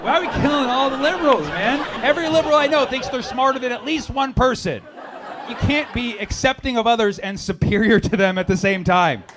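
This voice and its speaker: A male stand-up comedian who works the crowd with lively rhetorical questions. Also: very high-pitched, brisk. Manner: animated, fires questions at the audience. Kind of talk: stand-up set. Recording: noisy live recording.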